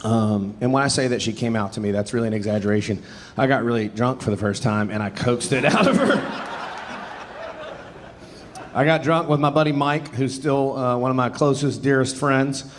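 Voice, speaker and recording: Speaking at a moderate pace in a medium pitch, the comedian, a man in his thirties, rambles through self-deprecating stand-up stories and chuckles often. He's on a theater stage with a live audience, and slight hiss or hum is audible.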